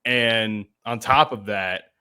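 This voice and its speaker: A man co-hosting a podcast, talking in a candid, halting way about his own confidence. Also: fairly low pitch, sharp tone, smooth. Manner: candid, halting and self-deprecating. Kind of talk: casual chat.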